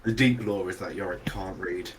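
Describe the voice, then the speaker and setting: A man's voice: deep voice, moderate pace, a crowd in the background. A man playing a tabletop game, chatting in a giggly, hesitant way. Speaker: player. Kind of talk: casual game chat.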